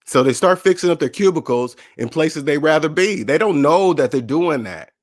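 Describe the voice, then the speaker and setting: A man with a somewhat high voice talks in a loose, motivational monologue, hosting his own personal finance show. He gets animated and acts out the voices of coworkers and friends as he tells his stories. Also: normal speed. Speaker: personal finance channel host.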